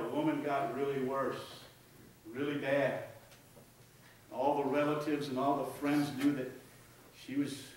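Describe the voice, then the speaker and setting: A man preaching a sermon, telling a folksy story and dropping to a hush for emphasis. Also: a little high, slight background noise. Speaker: pastor. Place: church sanctuary. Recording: echoey church from far off.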